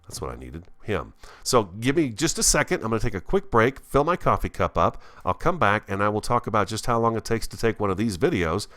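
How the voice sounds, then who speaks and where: A man's voice: on the low side, big pitch swings, a little fast, few pauses, pushed and bright. A man hosting a Minecraft let's play, chatting casually with viewers in an enthusiastic, radio-style delivery. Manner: chatty, talks to himself while playing. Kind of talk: casual gameplay commentary.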